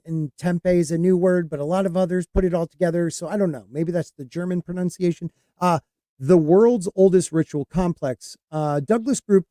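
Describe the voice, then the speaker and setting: Rambling man, mellow voice, dry sound. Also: high-pitched, dry recording. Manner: rambling, halting with many fillers and restarts. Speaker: podcast host. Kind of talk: casual podcast chat.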